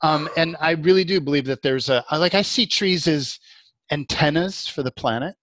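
Reflective man with a higher voice. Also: moderate pace, fairly bright tone, no echo. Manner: reflective, speaks in loose rambling thoughts. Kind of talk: casual conversation.

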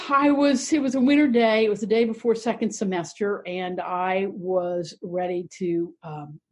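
Husky-voiced woman, 60s, clergy guest, thoughtful storyteller. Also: mid-range voice. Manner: reflective, earnest, lightly humorous. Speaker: Episcopal priest, interview guest. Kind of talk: personal storytelling in conversation.

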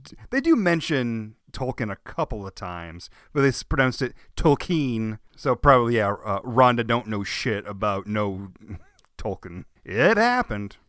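Excitable male co-host, bright voice, swings his pitch widely and laughs a lot. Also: no echo, studio quality. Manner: laughing, animated, swearing often. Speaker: podcast co-host. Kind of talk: casual movie podcast chat.

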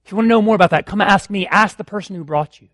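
A man preaching a sermon as pastor of his church, impassioned and rising to loud exclamations. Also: high-pitched, very fast, no room sound, clean studio sound.

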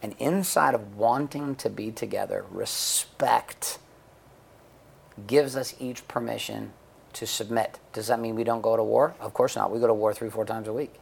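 A man's voice: lowish voice, normal speed, creaky, slightly rough. A middle-aged man speaking bluntly and profanely in a candid interview, telling stories with acted-out quotes. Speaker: guest, men's coach and author.

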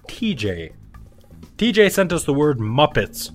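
Lively laughing male podcast host. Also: on the low side, measured pace, faint music behind. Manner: lively, laughs often, jokey. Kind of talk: casual chat.

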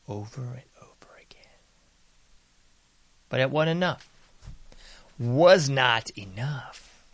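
A man hosting a commentary show, talking in a sarcastic monologue that mocks bystanders and swings from loud to hushed. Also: mid-range voice, dry recording. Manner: sarcastic, mocking mimicry of bystanders; varies loudness a lot, sometimes dropping to whispers. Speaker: political commentary host.

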